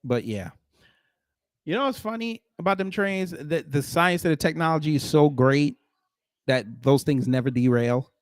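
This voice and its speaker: A man giving casual, joking reaction commentary, animated and sometimes shouting. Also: a little high, normal speed, no echo.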